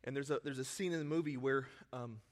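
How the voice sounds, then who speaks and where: A male pastor preaching a sermon, emotional and self-deprecating, swinging from quiet confiding to near-shouting. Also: mid-range voice, quick pace. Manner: self-deprecating, laughs at himself.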